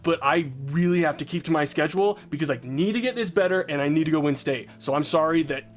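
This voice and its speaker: An easygoing teenage jock, voiced by a man. He talks in a halting way with plenty of hesitation. His voice sits a bit high for a man. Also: faint music behind, close to an everyday voice. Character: teenage boy athlete, easygoing and focused on sports. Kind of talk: voiced game character.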